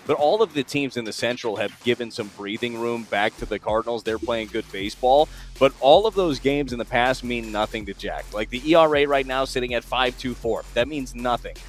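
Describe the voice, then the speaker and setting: A man's voice: mid-range voice, fairly quick, few pauses, soft background music. A man talking as an analyst on sports talk radio, blunt and emphatic and fond of repeating phrases. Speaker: baseball analyst.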